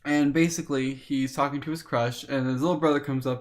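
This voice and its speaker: A man's voice: on the high side, quick pace, few pauses. Chatty man retelling a story. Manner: animated retelling, with many fillers and acted quotes. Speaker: streamer. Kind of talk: casual storytelling chat.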